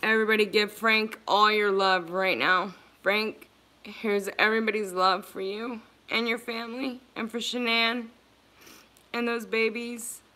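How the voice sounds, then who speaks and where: Woman, livestream host, emotional, earnest, bright voice, unhurried. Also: medium pitch, little pitch movement. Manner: earnest, emotional, repeats herself. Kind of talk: emotional livestream chat with viewers.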